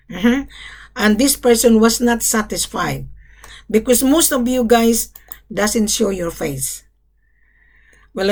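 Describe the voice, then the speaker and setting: A woman with a slightly high voice speaks directly to her audience as a business facilitator. She talks in short, blunt phrases, scolds firmly and hammers each point home by repeating it. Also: a little mellow. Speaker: business facilitator addressing buyers and sellers. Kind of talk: direct-to-camera business pitch.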